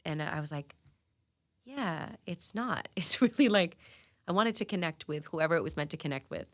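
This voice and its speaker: A woman in her thirties from New England, a singer guest telling stories in a radio studio interview, animated and laughing, with lots of "like" fillers. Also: low-pitched, fairly quick. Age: 30s. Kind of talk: casual interview storytelling.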